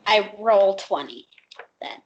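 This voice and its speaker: A woman's voice: mid-range voice, lively intonation, slow, highs cut off, a little hiss or hum. A woman playing in a tabletop game, a little hesitant and unsure of the rules. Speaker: player. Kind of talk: casual tabletop game play.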